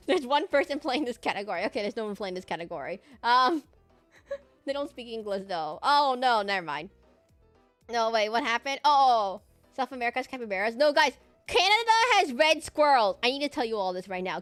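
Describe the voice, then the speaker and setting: A woman VTuber chatting casually on stream, excitable and rambling with lots of fillers and little laughs. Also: on the high side, smooth, dry recording.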